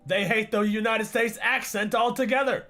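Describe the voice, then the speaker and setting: A man's voice: medium pitch, sing-song, normal speed, soft background music. Ranting, swearing male streamer. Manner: loud, ranting, swears a lot, laughs. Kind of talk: casual reaction stream commentary.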